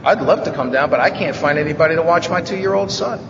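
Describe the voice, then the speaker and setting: Man from the Bronx, fairly high voice, wry joking storyteller at a recovery meeting, caught from afar in a big echoing hall on a dull recording. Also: fast talker, background noise. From the Bronx, New York. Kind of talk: personal recovery talk, humorous storytelling. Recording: echoey hall, distant mic, dull sound.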